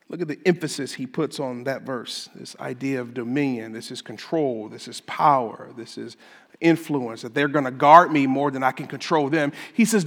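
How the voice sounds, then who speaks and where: A man preaching a sermon as pastor, emphatic and building to loud climaxes, in a church sanctuary. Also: medium pitch, normal speed. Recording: long hall reverb.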